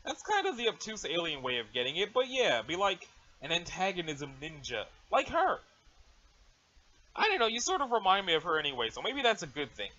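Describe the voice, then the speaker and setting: A man voicing a cocky, deadpan teenage boy who talks in swaggering slang, on a dull lo-fi mic. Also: sits high, exaggerated voice.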